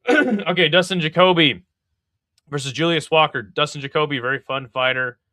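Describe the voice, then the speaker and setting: A man's voice: on the high side, fairly quick, sharp tone, no echo, studio quality. A young man giving a casual, blunt and profane breakdown of a fight card, sounding exasperated and mocking. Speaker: MMA fight card previewer.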